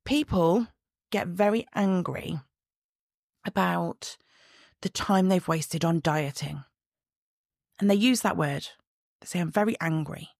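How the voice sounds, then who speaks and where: Gravelly-voiced woman podcasting. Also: on the low side, slow pace, pauses often, a little mellow, no echo, clean studio sound. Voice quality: chatty, direct, laughs at herself. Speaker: podcast host and body image coach. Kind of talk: casual solo podcast talk. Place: sitting at home, room lights only. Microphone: own podcast mic.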